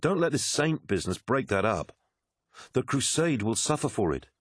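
A man's voice: medium pitch, big pitch swings, normal speed, slightly rough, no echo, pitched above the performer's own voice. Man doing a worried, pragmatic officer, urgent, pleading, raised voice, dry recording. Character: worried pragmatic male officer, anxious friend. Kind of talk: audiobook character voice.

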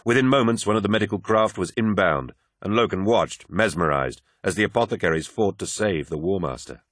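Deep-voiced man narrating gravely. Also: a bit bright, no echo, clean studio sound. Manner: grave, measured storytelling. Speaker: audiobook narrator. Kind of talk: dramatic scripted narration.

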